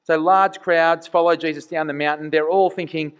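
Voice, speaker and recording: Male preacher, fairly high voice, earnest conversational sermon delivery. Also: fairly even intonation, normal speed, hardly any pauses, clean tone. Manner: conversational, earnest, rhetorical questions.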